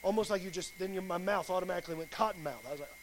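High-voiced preacher man. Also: rapid-fire, fairly bright tone, a little hiss or hum. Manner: plain-spoken, folksy, colloquial grammar. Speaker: pastor. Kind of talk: sermon with personal testimony.

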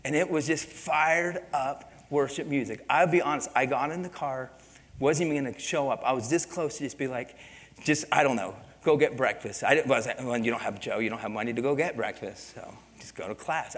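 A middle-aged male pastor preaching an animated story-driven sermon, his voice sitting at an ordinary middle pitch. He swings from quiet confiding lines up to loud shouts. The sound carries the long reverb of a church sanctuary.

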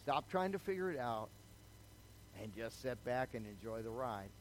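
An older man preaches a sermon in a chatty, storytelling way, sharing his own testimony and often asking the crowd "okay?" to check in with them. His mid-range voice has a sing-song lilt and moves at a normal speed. The audio is poor, with a little hiss or hum.

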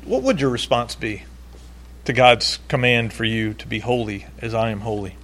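A male pastor preaching a sermon in an animated way, acting out quoted voices and laughing now and then. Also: medium pitch, normal speed.

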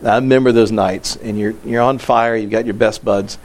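A male pastor preaching a casual, story-driven sermon, acting out the people he quotes, his voice leaping up and then dropping low. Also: normal speed. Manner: animated storytelling, voice jumping high and dropping low.

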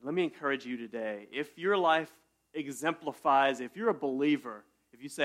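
A man preaching a casual sermon in a church, talking to his congregation like friends. He jokes often and breaks into sudden loud bursts before settling back down. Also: mid-range voice, moderate pace. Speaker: pastor. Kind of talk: conversational sermon.

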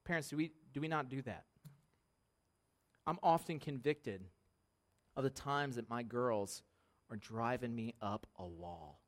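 A man in his thirties preaching a conversational sermon in a church, lively and laughing, often asking the congregation "right?". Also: mid-range voice, measured pace, pauses often. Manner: conversational, animated, laughing, many tag questions. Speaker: pastor. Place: church sanctuary.

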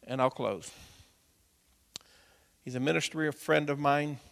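A male pastor preaching in a church sanctuary, his voice sitting a little high for a man. He tells stories softly, then presses his point loudly and urgently. A long reverb trails behind every phrase. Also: steady tone, takes it slowly, vocal fry. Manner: builds from quiet storytelling to loud urgent preaching. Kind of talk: sermon.

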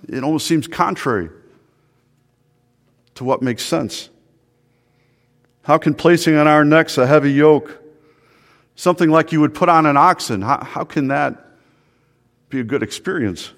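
A man's voice: fairly high pitch, unhurried, pauses often, a bit bright. A male pastor preaching an earnest sermon, often repeating words and asking the listeners questions. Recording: long hall reverb.

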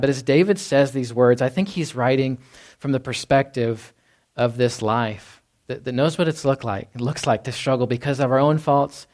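A man's voice: medium pitch, a little mellow. A man preaching a sermon to a congregation in a conversational way, often acting out quotes and asking "right?". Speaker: pastor. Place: church hall before a congregation.

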